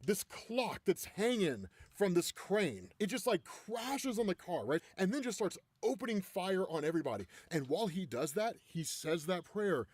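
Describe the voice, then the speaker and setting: A man recaps a comic story in a casual, lively way, his pitch swinging up and down. His voice sits a bit high. The sound is dry and close. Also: normal speed, few pauses, slightly rough, no room sound. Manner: animated, keeps asking "right?".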